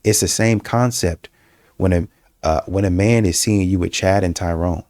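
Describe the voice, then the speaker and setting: A man's voice: low-pitched, moderate pace, no room sound, studio quality. A man giving casual reaction commentary, repetitive and emphatic, with many fillers and restarts. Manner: breaks into mocking, animated quoting.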